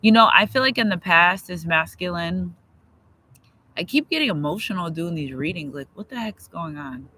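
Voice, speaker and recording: A man with a high, bright voice talking through a casual card reading. His delivery is chatty and looping, full of repeated phrases and bits of emotion, with faint outdoor ambience behind him. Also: lively intonation, moderate pace, a little hiss or hum, rough recording. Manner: chatty, repetitive, breaks into sung lyrics, gets emotional. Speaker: tarot reader. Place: outdoors near trees and a road.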